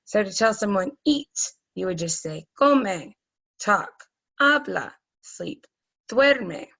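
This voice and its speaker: A woman's voice: medium pitch, animated, slow, creaky, sharp tone, muffled recording. A woman teaching a recorded Spanish grammar lesson, explaining patiently step by step with frequent ums.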